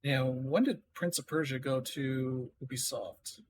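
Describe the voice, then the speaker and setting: Dude rambling on a game stream, thinking out loud, bit of faint noise behind. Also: male voice, medium pitch, unhurried. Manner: thinking aloud, reading notes half to himself. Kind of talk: casual live-stream commentary.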